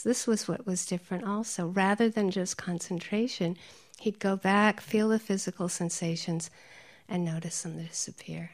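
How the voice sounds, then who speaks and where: Animated woman meditation teacher. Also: mid-range voice, normal speed. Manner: animated, laughs often, drops to soft whispers. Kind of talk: dharma talk with anecdotes.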